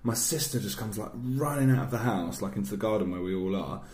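Young guy, low-ish voice, casual banter storyteller, roomy echo. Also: fast, a little mellow. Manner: banter-heavy storyteller, swears freely. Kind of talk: casual chat. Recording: echoey room.

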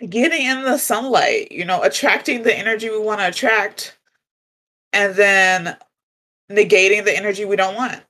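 A woman co-hosting a casual spiritual chat, talking in a gentle, reflective way and laughing often. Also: medium pitch, moderate pace. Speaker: podcast co-host.

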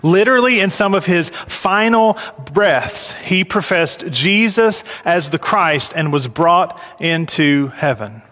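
A man preaching a sermon, his voice climbing high and loud when he acts out complaining workers. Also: expressive, slow, hardly any pauses, long reverb tail. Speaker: pastor.

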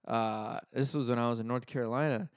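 This podcast host is a young man from Southern California whose medium-pitched voice stays steady and brisk as he rants comedically on his own. Profanity and frequent laughter fill the bit, and he performs the voices he quotes. It's a dry, clean studio recording.

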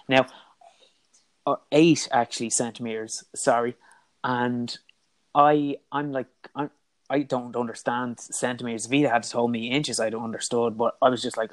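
Irish male guest, candid storyteller, stumbling restarts, mid pitch. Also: fairly even intonation. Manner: candid, halting, with frequent restarts and quoted dialogue. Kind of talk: personal storytelling in an interview.

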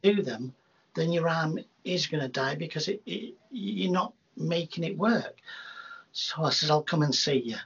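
A man, a hypnotherapist, telling rambling, animated anecdotes in a casual interview, with many restarts. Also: fairly high pitch, a little slow, vocal fry, husky. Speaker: hypnotherapist guest. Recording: dull lo-fi sound.

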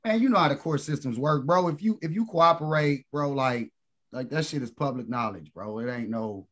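A man co-hosting a podcast in casual chat, slangy and animated, calling everyone "bro". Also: medium pitch, moderate pace. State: smoking while talking. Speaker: podcast co-host.

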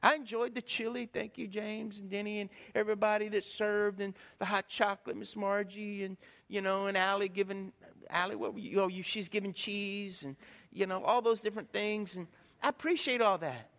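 Male pastor, middle-aged, animated storyteller preaching, sharp high tone, long reverb. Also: normal speed, gravelly. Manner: animated storytelling preacher, swings from loud to hushed. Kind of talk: sermon. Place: church sanctuary.

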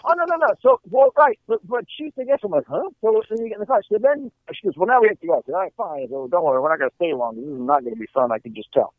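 A man's voice: on the high side, quick pace, few pauses, no echo. A middle-aged man, a comedian, telling a story casually and acting out the people in it. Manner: animated, acts out quotes in character voices. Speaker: comedian guest. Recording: tinny phone-like line, dry.

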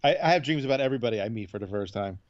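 A man's voice: medium pitch, expressive. Laid-back man recapping an episode, lo-fi sound. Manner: loose, laid-back storytelling with quick impressions of characters. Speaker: podcast co-host. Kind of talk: casual chat recapping a TV episode.

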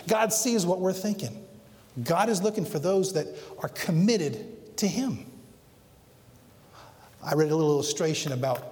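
A middle-aged man preaching a sermon as pastor, acting out quotes dramatically and swinging between loud emphatic peaks and quiet low lines. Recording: long hall reverb.

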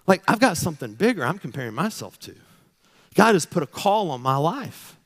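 A man's voice: fairly high pitch, big pitch swings, a little fast, husky. A man in his thirties preaching a sermon as pastor, emphatic and repetitive, building to fervent declarations. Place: church sanctuary. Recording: long reverb of a large hall.

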